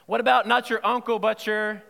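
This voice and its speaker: Bright-voiced man preaching in a reverberant hall. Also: sits high, normal speed, gravelly. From Southern United States. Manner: lively, playful, quizzes the audience. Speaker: pastor. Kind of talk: sermon.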